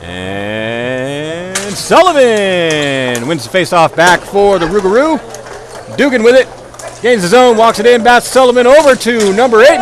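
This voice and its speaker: A man calls a ball hockey game play by play in a high voice that leaps up and down. He sounds tired after hours of talking, yet keeps cracking jokes at his own expense. Each goal lifts him into a louder, quicker call. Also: slight background noise. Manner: joking, self-mocking, rising excitement on goals. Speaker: play-by-play commentator.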